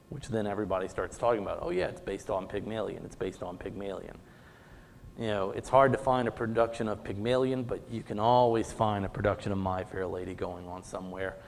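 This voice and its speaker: Gravelly low-voiced man lecturing. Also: darkish tone, long reverb tail, slight background noise. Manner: conversational, many "you know" fillers; paraphrases characters in quoted speech. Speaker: theatre instructor. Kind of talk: recorded class lecture. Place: classroom.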